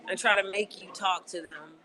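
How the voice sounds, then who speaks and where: A woman with a mid-range, bright, forceful voice livestreams from inside a busy diner, speaking at a moderate pace with fairly even intonation. She vents angrily and swears a lot in a casual, fed-up way, while restaurant crowd chatter fills the background.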